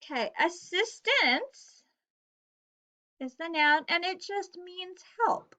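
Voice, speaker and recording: A woman teacher reading a vocabulary lesson aloud to young pupils, speaking slowly and clearly and encouraging them to clap and read along. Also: very high voice, animated, bright, forceful tone. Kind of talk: recorded reading lesson for children.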